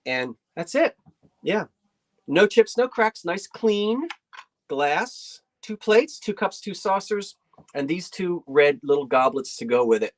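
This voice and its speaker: A woman's voice: fairly low pitch, expressive, slow. A folksy woman hosts a live antiques sale from her decorated living room. She chats easily, trails off mid-sentence and circles back while showing each item. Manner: chatty, folksy, trails off and restarts while describing items. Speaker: online antiques auction host. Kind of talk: live sale stream presenting.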